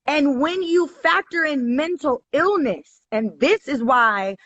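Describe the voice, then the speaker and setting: Higher-voiced woman ranting and cussing about her story, dry muffled lo-fi video call sound. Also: animated, takes it slowly, fairly bright tone. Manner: heated, profane, emphatic storytelling. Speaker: guest. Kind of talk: casual chat. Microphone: live online video call. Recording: dry, dull lo-fi stream audio.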